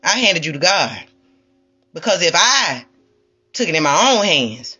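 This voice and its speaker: Woman, spiritual streamer, sassy and preachy, lively swooping delivery. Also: deep voice, husky, muffled recording. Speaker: spiritual livestreamer. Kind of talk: ranting livestream monologue.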